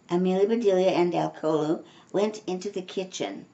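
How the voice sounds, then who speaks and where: An older woman reading a children's storybook aloud in a slow, expressive way, giving voices to the dialogue. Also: lowish voice, dull audio. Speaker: storybook reader.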